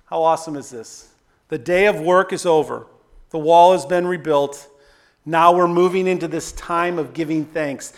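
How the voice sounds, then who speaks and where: A man preaching a sermon, energetic and conversational, tossing in quick asides and dropping soft on quoted prayers. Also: fairly high pitch. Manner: conversational asides with repeated "right?". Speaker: pastor.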